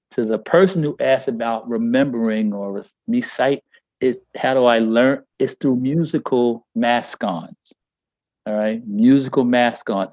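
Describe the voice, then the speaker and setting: A man's voice: mid-range voice, a little mellow, no echo, muffled recording. A man teaching a poetry workshop on a video call. He speaks emphatically and rhythmically, stretching key phrases and often checking in with "all right?".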